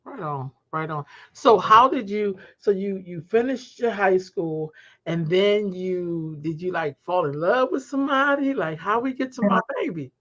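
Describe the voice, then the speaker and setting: A woman's voice: mid-range voice, lively intonation, a little slow. A woman hosting an interview, affirming her guest often and asking follow-up questions. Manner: affirming, echoes "right" often. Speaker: host. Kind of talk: interview chat. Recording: dull lo-fi recording.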